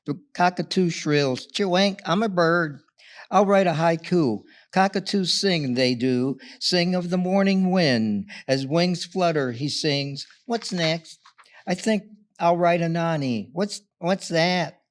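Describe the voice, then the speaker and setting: A man reading his own playful poem aloud at a poetry event, loudly and with voices for his characters. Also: a little high, slow pace. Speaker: local poet.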